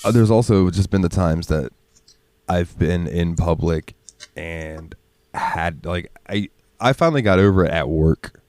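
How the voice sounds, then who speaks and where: Man, very low voice, dry close mic; rambling, profane podcast storyteller who laughs often. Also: a little slow, a little mellow, no echo. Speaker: podcast co-host. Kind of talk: casual storytelling chat.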